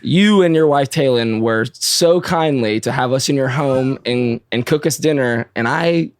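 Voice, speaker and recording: A man on a casual podcast, speaking calmly and choosing polite words. His voice is mid-pitched and the recording is dry and close. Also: measured pace, no echo. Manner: calm, carefully polite. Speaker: podcast co-host.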